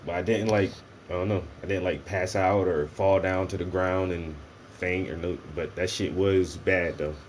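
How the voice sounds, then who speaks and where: A man telling a story in casual, profane slang while he paints, his delivery animated and loose. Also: deep voice, normal speed, slight background noise. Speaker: painting stream host.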